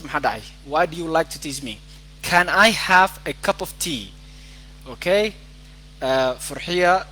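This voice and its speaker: A man teaching an English lesson online, reading student sentences aloud and spelling words out letter by letter, with slow, careful English and quick asides. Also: a little high, fairly bright tone, rough recording.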